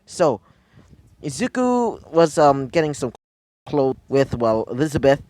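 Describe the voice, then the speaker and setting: A man's voice: medium pitch, big pitch swings, a little slow, darkish tone, dry recording. A man improvising a fan story, rambling with many fillers and restarts.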